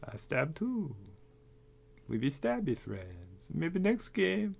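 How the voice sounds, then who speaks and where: Man doing a soft-spoken woman with a put-on accent. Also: fairly high pitch, wildly swooping pitch, slow, vocal fry, exaggerated voice. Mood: coaxing. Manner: broken phrasing, quiet and soft.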